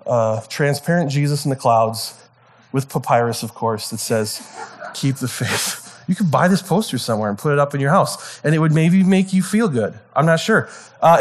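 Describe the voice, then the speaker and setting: Animated casual male preacher. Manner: animated, acts out the disciples with high excited voices. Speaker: pastor. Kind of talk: casual conversational sermon.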